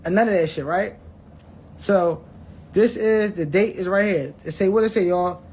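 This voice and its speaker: A man's voice: high voice, moderate pace, darkish tone, slightly rough. A man telling viewers a personal story in a blunt, profane way, restarting his words and acting out what people said. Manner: blunt, profane, acts out quoted dialogue; repeats and restarts words often.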